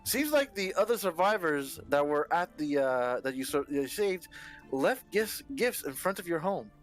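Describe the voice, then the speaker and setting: A man narrating as game master, setting scenes in a drawn-out, dramatic way. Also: fairly high pitch, big pitch swings, soft background music.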